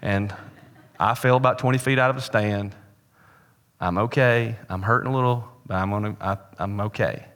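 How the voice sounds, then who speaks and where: Guy pastor preaching, jokey storyteller, goes loud then real quiet, echo of a big church hall. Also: fairly low pitch, steady tone, moderate pace. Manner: storytelling with humor, swings between loud and hushed. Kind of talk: sermon. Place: church sanctuary.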